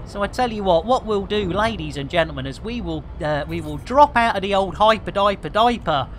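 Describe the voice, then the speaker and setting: A man's voice: high voice, animated, a little fast, few pauses, slight background noise. A middle-aged British man giving chatty, exclamatory commentary on a live game stream, full of playful catchphrases. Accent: British English. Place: home room with air conditioning.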